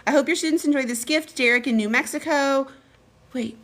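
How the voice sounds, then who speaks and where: A woman librarian chatting casually as she unboxes packages on a live stream, reading notes aloud with excited bursts. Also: high voice, brisk. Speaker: school librarian.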